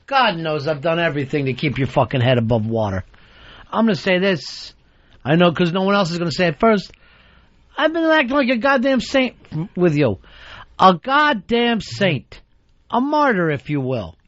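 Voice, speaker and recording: A man's voice: high voice, very animated, moderate pace, a bit bright, no echo, muffled recording. A man hosting a radio talk show who rants in a profane, mock-exasperated way.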